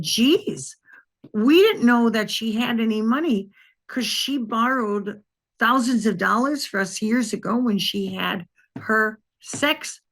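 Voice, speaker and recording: An older woman from Wisconsin, a retired detective, telling a long personal story in an interview and acting out the voices of the people in it. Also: medium pitch. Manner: lively anecdotal telling, acts out quoted voices.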